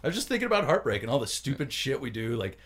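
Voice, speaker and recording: A man with a medium-pitched voice talks rapid-fire as co-host of a casual podcast. He tells stories energetically and acts out people's lines.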